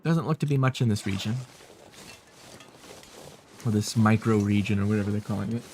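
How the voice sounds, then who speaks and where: A man's voice: fairly low pitch, a little fast, a little mellow, a little hiss or hum. A man streaming a survival game live, chatting and teasing his viewers in a playful way. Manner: chatty, teasing viewers, playing with whispers and silly voices. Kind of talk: live gameplay commentary.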